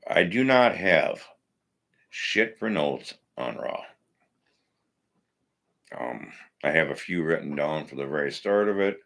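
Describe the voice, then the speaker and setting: A man with a very deep, gravelly voice hosts a casual live stream. He rants bluntly and swears often as he talks through the week's wrestling. He comes from Minnesota. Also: animated, slow, long pauses, a bit bright. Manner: blunt, ranting, profane, opinionated. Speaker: wrestling podcast host.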